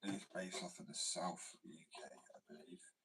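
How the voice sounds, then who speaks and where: A man's voice: sits low, normal speed, a bit bright, distant mic, a little hiss or hum. A man, chatting and rambling casually while he works in a workshop, swearing and often dropping to a mutter. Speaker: skate workshop vlogger.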